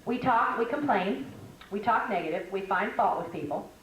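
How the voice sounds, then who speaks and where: A middle-aged woman giving a lively spoken lecture at a Christian women's conference, telling stories and acting out what other people said. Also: mid-range voice, moderate pace. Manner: animated, storytelling, acts out quoted voices. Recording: echoey hall from a distance with background noise.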